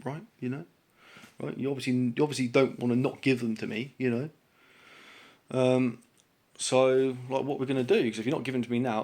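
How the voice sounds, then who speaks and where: A man's voice: mid-range voice, fairly even intonation, fairly quick, a little mellow. A man telling a long, exasperated story to camera in a rambling, casual way, full of fillers. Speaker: vlogger telling a grievance story.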